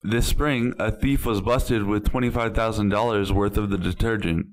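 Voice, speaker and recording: Low-voiced man reading news reports. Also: fairly even intonation, normal speed, low-quality recording.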